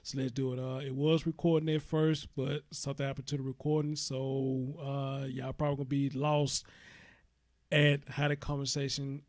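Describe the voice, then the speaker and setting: Man, casual host, flat delivery, dry audio. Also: mid-range voice, dry recording. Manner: laid-back, many "uh" fillers, even delivery. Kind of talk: casual online interview.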